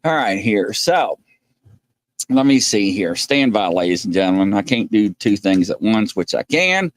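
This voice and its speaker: A man's voice: lowish voice, sing-song, normal speed. A man hosting a live stream in casual chat, rambling and reading out viewer names as he goes. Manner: rambling, laughs often, reads out viewer names. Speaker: host.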